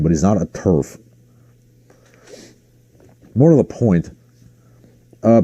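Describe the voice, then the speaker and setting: A man's voice: lowish voice, mellow, no room sound. A man hosting a livestream in a casual, ranting commentary style, sarcastic and exasperated. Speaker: livestream host.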